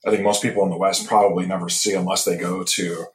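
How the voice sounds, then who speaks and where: Low-voiced man from Michigan, roomy sound. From Michigan, USA. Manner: relaxed, rambling storytelling with many pauses and restarts. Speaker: guest, tropical medicine specialist. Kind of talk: casual interview chat. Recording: roomy echo.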